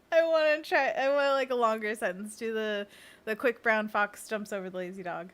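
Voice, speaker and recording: A woman's voice: fairly high pitch, moderate pace, a bit bright, clear, resonant tone. Bubbly young woman streamer. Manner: bubbly, chatty, laughs often. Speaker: streamer and children's book illustrator. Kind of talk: casual live-stream chat.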